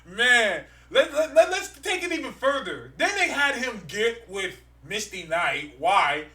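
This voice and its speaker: A man co-hosting a casual podcast, mocking and exclaiming loudly, laughing often as he rants about comic books. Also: sits high, big pitch swings, measured pace, reverberant, far from the mic. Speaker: podcast co-host.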